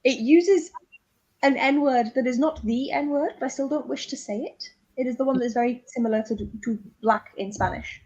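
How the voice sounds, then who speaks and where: A woman's voice: high voice, normal speed, mellow, breathy edge, lo-fi sound. A woman chatting casually on a group livestream about books. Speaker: co-host of a readathon livestream. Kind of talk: casual chat.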